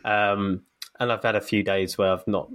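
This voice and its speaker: A man's voice: lowish voice, flat delivery, normal speed, fairly bright tone. A man co-hosting a podcast. He chats casually and tells anecdotes, with plenty of fillers and restarts, while getting over a cold. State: recovering from a cold. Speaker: podcast co-host. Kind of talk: casual chat.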